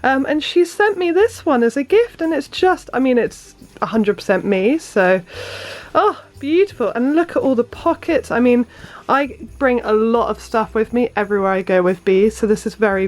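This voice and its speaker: A woman's voice: fairly high pitch, animated, normal speed. A woman and new mother chatting casually in her vlog, bubbly and gushing, slipping into sing-song baby talk.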